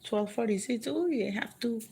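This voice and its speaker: A woman's voice: on the high side, lively intonation, normal speed, gravelly, dark tone, a little hiss or hum. Chatty Colombian woman on a livestream. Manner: chatty, reads and answers viewer comments; switches between English and Spanish. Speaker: livestream vlogger. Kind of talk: casual livestream chat.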